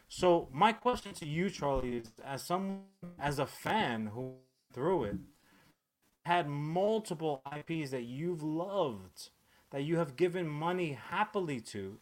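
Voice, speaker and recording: A man's voice: fairly high pitch, expressive, unhurried. A man hosting a podcast in casual chat, ranting with lots of swearing and filler words. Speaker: podcast host.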